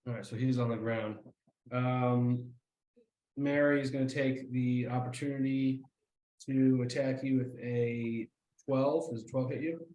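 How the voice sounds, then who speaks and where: A man running a tabletop game as game master, talking in a halting way with many fillers. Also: mid-range voice, steady tone, warm tone, echoey room, low-quality recording.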